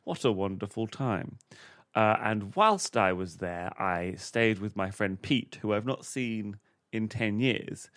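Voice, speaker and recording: A man's voice: on the low side, expressive, takes it slowly, fairly bright tone, no echo, clean studio sound. A man, co-host and comedian on a comedy game show podcast, telling a casual anecdote full of uhs. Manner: rambling storytelling with many uhs.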